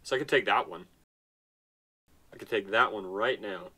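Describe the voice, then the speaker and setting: A man's voice: on the low side, normal speed, bright, forceful tone, slight background noise. Tired casual man narrating his game. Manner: nonchalant, chatty, talks to himself. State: tired, yawning. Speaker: gaming channel host. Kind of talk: casual let's-play commentary.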